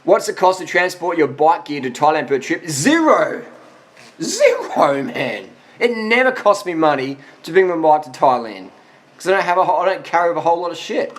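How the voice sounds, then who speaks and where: A man's voice: fairly high pitch, animated, fairly quick, slight background noise. A man of forty giving blunt, profane answers to viewer questions in a casual monologue, worn out after a long ride. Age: 40s.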